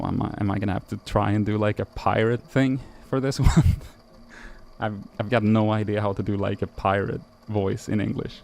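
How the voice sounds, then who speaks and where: A man's voice: on the low side, a little mellow. A man hosting a show, reading archive entries aloud and breaking off into casual, self-deprecating asides full of fillers.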